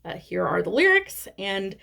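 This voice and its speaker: A woman's voice: mid-range voice, very animated, normal speed, vocal fry, bright, forceful tone. A woman in her thirties with a Midwestern American accent, chatting candidly and casually as a cross-stitch vlogger. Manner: chatty, candid, sprinkles in swearing and laughter. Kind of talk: casual chat.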